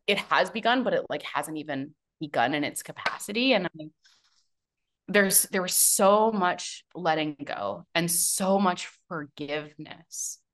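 A woman with a slightly low voice tells her own story as a podcast guest. Her talk is casual and chatty, with lots of fillers, restarts and quick bursts of laughter. She speaks like a mentor sharing lessons from life. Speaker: guest, business and mindset mentor.

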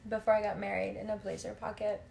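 A woman's voice: medium pitch, quick pace, gravelly. A woman chatting casually, telling stories with lots of laughter and cursing. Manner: animated storyteller, laughs a lot, swears freely. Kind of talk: casual chat.

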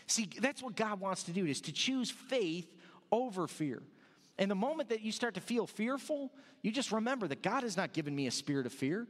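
A male pastor delivers a sermon like a relaxed conversation, slipping in jokes and stumbling through restarts as he goes. His voice sits high for a man. A long reverb trails every phrase, like a big sanctuary. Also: fairly quick. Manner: conversational, joking preaching with many restarts.

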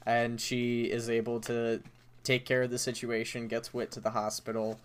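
A man's voice: medium pitch, completely flat delivery, moderate pace, smooth. A man co-hosting a podcast in casual chat, talking loosely with many fillers and easy laughs. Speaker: podcast co-host.

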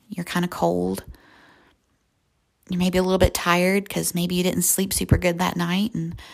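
A young woman hosting a devotional podcast, slowly and softly guiding a visualization, sometimes dropping to a whisper. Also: fairly low pitch, creaky. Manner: slow, soft and reflective, often near a whisper. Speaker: podcast host. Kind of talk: guided visualization and devotional talk.

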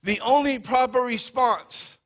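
A man with a high, bright voice preaches to his congregation in a church. He speaks in an energetic, conversational way, with quick bursts of words. His tone is edgy and forceful. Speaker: pastor. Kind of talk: sermon. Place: church hall before a congregation.

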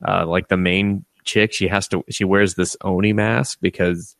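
Low-voiced man for casual podcast banter: profane, laughing, retells scenes with put-on quotes, dry close mic. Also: level tone, a little slow, vocal fry, fairly bright tone, no echo. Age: adult with a young son. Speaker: podcast co-host. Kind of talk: casual anime review chat.

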